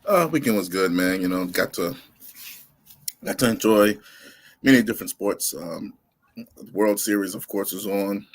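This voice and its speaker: A man co-hosting a casual sports podcast, laid-back and halting with many fillers. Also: fairly low pitch. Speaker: podcast co-host.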